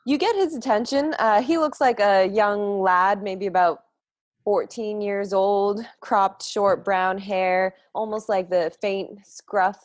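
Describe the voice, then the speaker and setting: A woman's voice: medium pitch, steady tone, slow pace, dry recording, clean studio sound. A woman narrating a tabletop game as game master, describing scenes in a chatty way with fillers.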